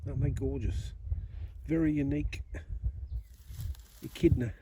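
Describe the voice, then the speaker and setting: An Australian man vlogging casually outdoors on a farm, chatting easily and talking gently to a wild animal. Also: medium pitch, steady tone, a little slow. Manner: easygoing, chatty, coos softly at an animal. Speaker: metal detecting vlogger. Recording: distant outdoor audio, noisy background.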